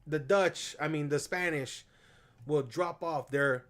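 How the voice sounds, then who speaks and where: A man chatting on a podcast after a few whiskeys. His voice sits a bit high, and he rambles, swears freely and gets louder when something excites him. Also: slow. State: tipsy from whiskey. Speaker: podcast co-host. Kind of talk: casual drunken chat.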